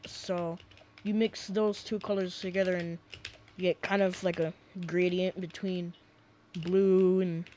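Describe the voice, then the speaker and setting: A man's voice: high voice, little pitch movement, a little slow, darkish tone, a little hiss or hum. A young man casually rambling through gameplay commentary at home, often sidetracked and full of fillers. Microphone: desk mic.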